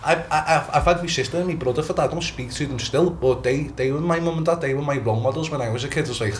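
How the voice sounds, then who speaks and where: A man's voice: on the high side, fast, slight background noise. A man with a Liverpool accent, a boxer chatting casually as a podcast guest, rambling and swearing often. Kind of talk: casual chat.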